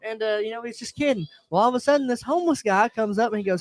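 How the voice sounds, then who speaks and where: A young man telling a rowdy story in casual chat, animated and acting out the quotes with teasing energy. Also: sits high, quick pace, hardly any pauses, no echo. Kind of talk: casual storytelling at a watch party.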